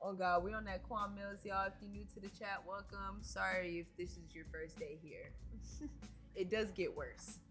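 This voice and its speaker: A woman's voice: medium pitch, fairly even intonation, normal speed, fairly bright tone, soft background music. A woman streamer reading a story aloud to her chat and commenting on it in slangy, swearing, playful casual talk.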